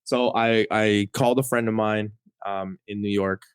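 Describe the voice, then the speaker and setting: Guy, kinda low voice, rambly animated storytelling w lots of "like", dry studio mic. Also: a little slow, clear, resonant tone, no room sound. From Canada. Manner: animated storyteller, fills speech with "like", acts out quoted lines. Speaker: podcast guest, comic collector. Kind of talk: casual storytelling chat.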